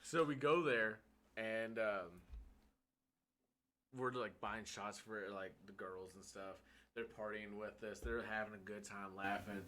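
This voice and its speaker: A man telling a long bar story in casual podcast chat, animated, laughing often and swearing freely. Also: lowish voice, unhurried.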